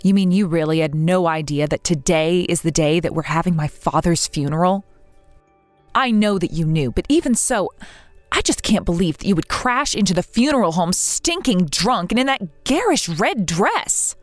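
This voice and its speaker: A woman's voice: fairly low pitch, animated, moderate pace, dry recording, soft background music, voice pushed down, natural voice. A woman voicing a hurt, grieving young wife. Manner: earnest, pleading and upset. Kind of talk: text-story voice acting.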